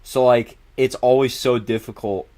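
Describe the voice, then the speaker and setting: A young adult man chatting casually to his livestream audience, animated and rambling, swearing a lot. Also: mid-range voice, moderate pace.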